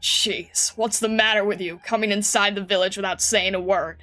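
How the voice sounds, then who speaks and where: A woman's voice: mid-range voice, fairly even intonation, normal speed, sharp tone, lightly acted. A woman voicing a wary, defensive middle-aged male farmer who talks in a blunt, grumbling way, over faint background music.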